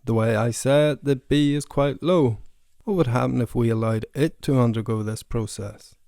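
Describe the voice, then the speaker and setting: A man's voice: medium pitch, normal speed, gravelly, mellow, no echo, clean studio sound. A man who is a language learner, giving a casual pronunciation lesson and repeating sounds to demonstrate them.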